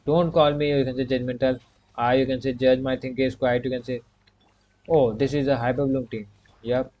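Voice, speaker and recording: A man's voice: medium pitch, little pitch movement, fairly quick, lo-fi sound. A man giving casual commentary while he plays a video game. He talks himself through each move, repeats short commands and keeps filling gaps with "you can say.". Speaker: gaming streamer.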